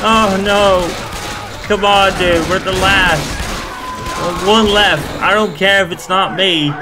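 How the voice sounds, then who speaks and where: A man's voice: high voice, steady tone, slow, noisy background. A young man giving live commentary over a co-op zombie game, exasperated and swearing often. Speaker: gaming channel host.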